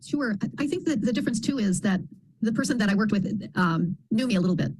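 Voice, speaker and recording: Very fast-talking, husky-voiced woman. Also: mid-range voice. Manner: animated storyteller, acts out quoted voices. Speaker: program member. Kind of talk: casual group video call.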